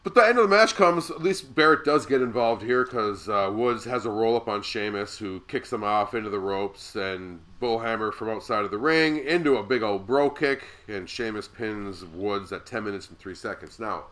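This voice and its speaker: A man co-hosting a casual wrestling recap chat, a little sick and nasal, lively and swearing freely. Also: lowish voice, moderate pace, hardly any pauses. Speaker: podcast co-host.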